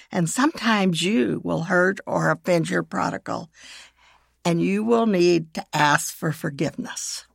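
A woman hosting a devotional podcast, gently teaching and slowly reading scripture and prayers aloud. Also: fairly low pitch, gravelly, no echo, clean studio sound. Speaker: podcast host.

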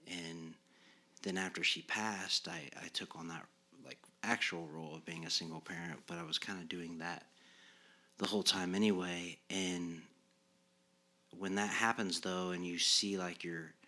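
A middle-aged man co-hosting a podcast, reflecting in halting casual talk that sometimes drops to a hushed near-whisper. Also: sits low, steady tone. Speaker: podcast co-host.

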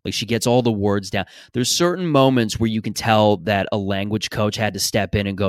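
A man's voice: fairly low pitch, a little fast, hardly any pauses, smooth, dry recording, studio quality. A man hosting a podcast in a casual, rambling, opinionated monologue, swearing freely. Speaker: podcast host.

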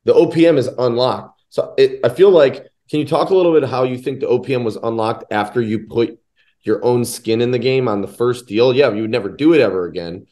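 A man's voice: mid-range voice, fairly quick, warm tone. A man hosting a business podcast, asking questions eagerly and passionately. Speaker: podcast host. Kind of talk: podcast interview.

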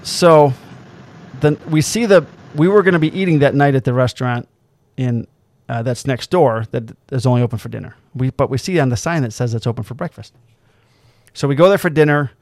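Podcast co-host, male, mid-pitched, telling stories with acted-out quotes; dry close sound. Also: fairly quick, no room sound. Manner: animated storyteller, swears freely, acts out quotes. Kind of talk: casual storytelling chat.

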